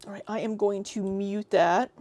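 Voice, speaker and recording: A woman's voice: medium pitch, fairly even intonation, normal speed, music in the background. A woman streamer chatting casually and reacting to clips with sarcastic comments and frequent laughs.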